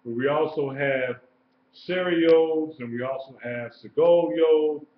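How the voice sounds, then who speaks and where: A man teaching a live-streamed lesson, explaining slowly and repeating key points. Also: fairly high pitch, a little hiss or hum. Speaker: Hebrew teacher. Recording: echoey room, dull lo-fi sound.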